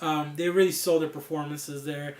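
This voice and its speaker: A man giving a casual, excitable review of a TV series, laughing often and swearing freely. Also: on the high side, moderate pace, reverberant. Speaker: TV show reviewer.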